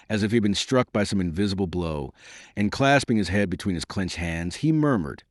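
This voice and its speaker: Lively low-voiced man reading a novel. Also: fairly quick, dry recording, clean studio sound. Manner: lively dramatic reading, raising pitch for quoted speech. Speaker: audiobook narrator. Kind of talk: scripted narration.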